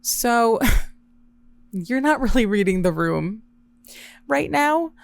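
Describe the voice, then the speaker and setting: A woman hosting a podcast alone, telling a story in a wry, profane, deadpan way. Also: a little high, slow, creaky, clear, resonant tone, no room sound. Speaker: podcast host. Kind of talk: casual solo storytelling.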